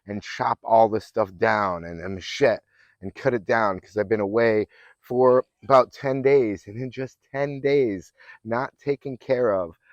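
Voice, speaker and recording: A man's voice: lowish voice, measured pace, no echo, muffled recording. Earnest motivational coach, a man. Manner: earnest, affirming, with rambling restarts. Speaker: fitness and mindset coach. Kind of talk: motivational self-help talk.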